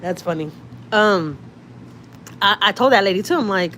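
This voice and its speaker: A woman's voice: medium pitch, animated, normal speed, sharp tone, slight background noise. A woman from Houston, Texas with a Houston accent, chatting casually with viewers on a livestream from a car, reading comments and swearing freely. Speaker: vlogger, channel host. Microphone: phone.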